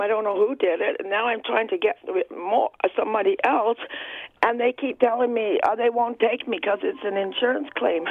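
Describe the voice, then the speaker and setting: A tearful woman rambles and halts through a call to a radio show, her voice gravelly and thin. The line is a tinny phone connection. The sound is close and dry. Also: medium pitch, dry recording. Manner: rambling, halting, emotional. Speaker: caller.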